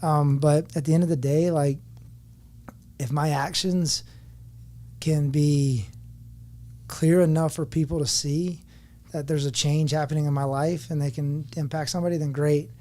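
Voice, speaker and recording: A man's voice: fairly high pitch, steady tone, unhurried, long pauses, dark tone. A man in his forties, a podcast guest, telling his story candidly in an earnest, reflective way. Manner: earnest and reflective, speaking openly about personal struggles.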